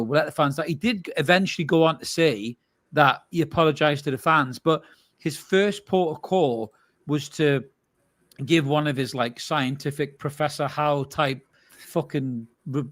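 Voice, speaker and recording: A man's voice: a little high, a bit bright, no room sound. Ranting, sweary man, dry close mic. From North East England. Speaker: co-host of a fan podcast. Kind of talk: heated live reaction talk.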